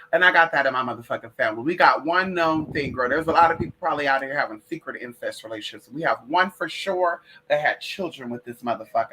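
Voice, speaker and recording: Woman, livestream host, bright edgy tone, casual profane chat, talks to viewers as y'all. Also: deep voice, husky. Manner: animated and profane, calls listeners girl and y'all.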